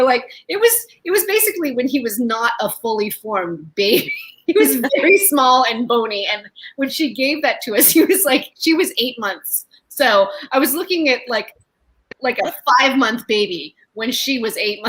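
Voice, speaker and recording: A woman in her fifties doing a stand-up set, telling stories with deadpan punchlines and laughing often. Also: high-pitched, breathy edge, low-quality recording. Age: 50s. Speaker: stand-up comedian. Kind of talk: stand-up set, casual storytelling.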